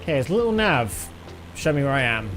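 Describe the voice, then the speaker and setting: A man's voice: medium pitch, sing-song, fast talker, fairly bright tone, a little hiss or hum. A young British man chatting casually with his live chat while flying a simulator, rambling and laughing often. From Britain. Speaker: flight sim streamer.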